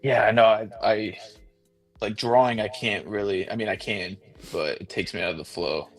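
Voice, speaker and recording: A man's voice: lowish voice, steady tone, moderate pace, faint music behind. A man hosting a live stream, chatting in an easygoing way full of "like" fillers while he draws. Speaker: streamer host. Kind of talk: casual chat while drawing on stream.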